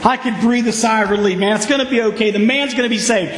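A man preaching a sermon, telling the story with lively, acted-out reactions. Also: high voice, fast, hardly any pauses. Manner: animated storytelling, acting out reactions. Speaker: pastor. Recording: echoey hall.

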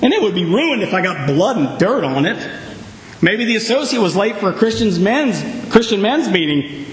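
A man preaching a sermon, telling the story with lively, acted-out reactions. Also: high-pitched, normal speed. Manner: animated storytelling, acting out reactions. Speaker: pastor. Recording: echoey hall.

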